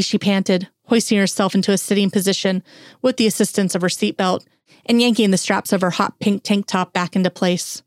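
A woman's voice: mid-range voice, fairly even intonation, normal speed, no echo, clean studio sound. A woman narrating an audiobook in a wry, lightly humorous storytelling manner.

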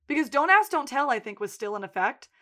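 Here a woman talks quickly in a high-pitched voice while co-hosting a podcast. In easygoing chat, she animatedly recaps a TV episode, voicing what the characters said.

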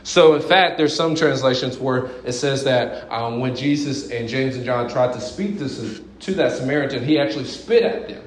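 A man's voice: mid-range voice, moderate pace, few pauses, reverberant, a little hiss or hum, low-quality recording. A man preaching a sermon, telling stories with humor and acting out quoted lines. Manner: animated storytelling with jokes and acted-out quotes. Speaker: pastor.

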